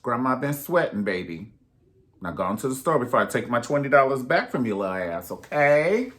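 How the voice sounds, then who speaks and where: A man's voice: medium pitch, very animated, brisk, a bit bright. A man putting on the voice of a feisty old grandmother who scolds and threatens a grandchild in a profane, bossy way.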